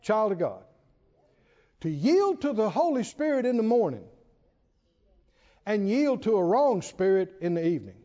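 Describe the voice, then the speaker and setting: Animated male preacher in an echoing hall. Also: high-pitched. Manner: animated, emphatic, with slow drawn-out stresses and chuckles. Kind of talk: sermon. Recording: dull sound with long hall reverb.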